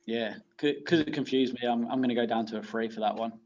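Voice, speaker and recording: British guest, chatty and self-deprecating, mid-pitch male voice, slightly muffled lo-fi recording. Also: fast, a little mellow. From United Kingdom. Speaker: guest teacher. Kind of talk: casual podcast chat.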